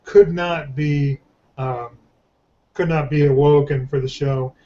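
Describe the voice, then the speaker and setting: A man hosting a casual podcast, his voice mellow and a touch higher than most. He jokes and rambles, often restarting his sentences. The recording sounds dull and lo-fi. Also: fairly even intonation, slow. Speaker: podcast host. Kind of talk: casual chat.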